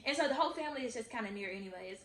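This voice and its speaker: A woman's voice: fairly high pitch, lively intonation, rapid-fire, fairly bright tone. Earnest young woman in an echoey room. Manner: earnest, confiding, talks straight to viewers. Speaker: vlogger. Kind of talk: personal storytelling.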